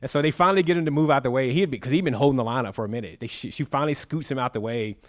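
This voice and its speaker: Racing along in a mid-range voice, a man speaking as an author at a live bookstore event shares stories from the stage in front of an audience. He tells them with energy, performing the quoted lines of dialogue.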